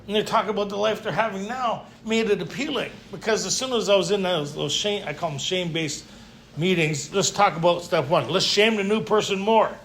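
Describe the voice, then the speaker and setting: Male retreat speaker, high voice, blunt storyteller with tough-guy humor. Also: a little fast, slight background noise. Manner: lively storytelling, frequent rhetorical "right?". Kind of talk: recovery talk to a live group. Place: retreat meeting room.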